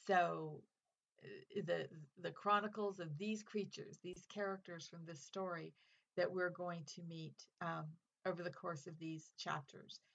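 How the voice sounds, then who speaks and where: A woman's voice: fairly low pitch, fairly even intonation, unhurried, vocal fry, a bit bright, lo-fi sound. A woman English teacher hosting a literature podcast, giving a casual spoken lesson in an earnest, chatty way with fillers.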